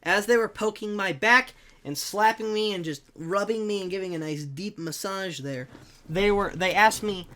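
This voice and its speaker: A young man spins a comic personal story with animated, jokey delivery. His voice is bright and forceful, and it jumps into sudden loud bursts at the punchlines. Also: high-pitched, normal speed.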